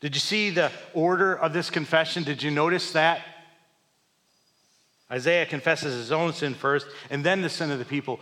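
A man preaching a sermon, swinging between loud emphatic lines and hushed, quiet ones. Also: on the high side, normal speed. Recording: long hall reverb.

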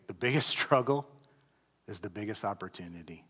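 A man preaching a conversational sermon in a church, often checking in with "right?" and moving between loud emphasis and quiet, low asides. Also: lively intonation, normal speed, husky. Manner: conversational, keeps asking "right?". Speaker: pastor.

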